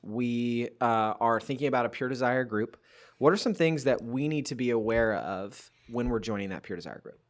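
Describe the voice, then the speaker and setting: A man's voice: mid-range voice, animated, normal speed. A man hosting a podcast in casual chat, joking and laughing easily as he welcomes a guest and steers the talk. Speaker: podcast host.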